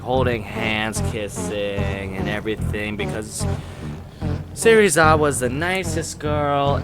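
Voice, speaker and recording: A man reviewing anime in a casual, rambling monologue that flares into excitable, profane rants. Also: medium pitch, vocal fry. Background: background music.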